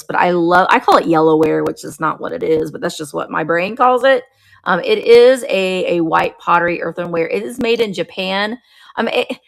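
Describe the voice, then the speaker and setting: A middle-aged woman hosting a live online auction of vintage items, chatting warmly and greeting viewers by name as she describes each piece. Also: medium pitch, vocal fry. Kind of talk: live-stream sales chat.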